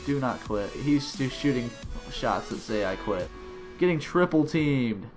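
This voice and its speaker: A man calling his own basketball video game match, bouncing between hyped cheers and offhand slangy asides. His voice swoops widely in pitch, and faint music sits in the background behind his desk mic. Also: unhurried. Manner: excitable, cheering and shouting at plays; casual slangy banter with laughs. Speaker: gaming channel host. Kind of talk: gameplay commentary.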